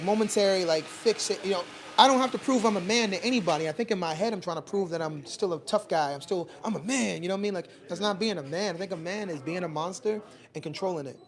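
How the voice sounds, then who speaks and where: A man's voice: high voice, quick pace. A young man hosting a casual podcast, telling stories with lots of swearing and acted-out dialogue. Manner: animated storyteller, swears freely, acts out quoted dialogue. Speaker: podcast host.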